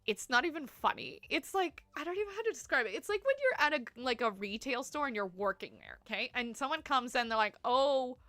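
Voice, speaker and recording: Casual woman streamer, bright tense tone, dry close sound, rambly and giggly, lots of "like". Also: on the high side, lively intonation, fast, few pauses, dry recording. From Canada. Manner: chatty, rambling, full of "like" fillers, laughs often. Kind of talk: casual gameplay commentary, chatting with viewers.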